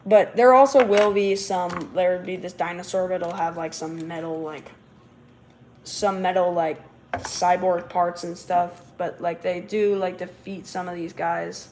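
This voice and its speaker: A woman with a lowish, slightly mellow voice hosts a casual livestream, speaking a little slowly with fairly even intonation. She rambles, filling her talk with fillers and false starts, and there's slight background noise.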